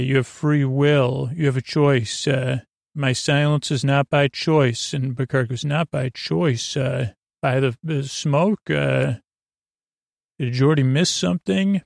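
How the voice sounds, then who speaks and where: A man with a mid-pitched, gravelly voice talks slowly and loosely, recapping a story with plenty of "uh"s and "he goes". The sound is close and dry, like a home podcast mic. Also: no echo. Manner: rambling, many "uh"s and "goes", quotes lines loosely. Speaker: podcast host retelling an episode. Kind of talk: casual sleepy recap.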